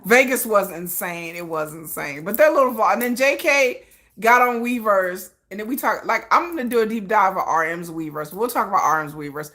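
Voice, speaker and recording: A woman's voice: mid-range voice, lively intonation, brisk, sharp tone. A woman hosting a casual livestream, chatting and laughing often and greeting viewers in the chat. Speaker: livestream host.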